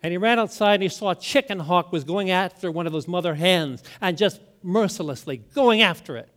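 High-voiced pastor preaching in hushed swells. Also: male voice. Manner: storytelling preacher, drops to a hushed voice on key words. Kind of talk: sermon.

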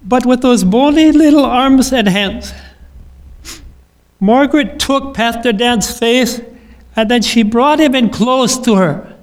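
A male pastor with an unusually high voice, delivering a sermon in a measured liturgical cadence. He speaks very slowly and lets each phrase settle.

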